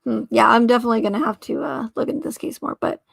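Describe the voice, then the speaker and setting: A woman's voice: on the high side, very fast, vocal fry, no echo. A woman hosting a casual livestream, reading aloud and rambling, often trailing off, correcting herself and laughing. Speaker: livestream host.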